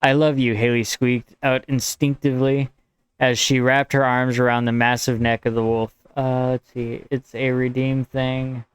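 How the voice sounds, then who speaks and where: An American man reads his own draft aloud and chats with his viewers. His voice is smooth and even, recorded dry and close. He rambles easily and stops mid-sentence to fix his wording. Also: medium pitch, moderate pace, dry recording. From United States. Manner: rambling and conversational. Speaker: streamer and writer.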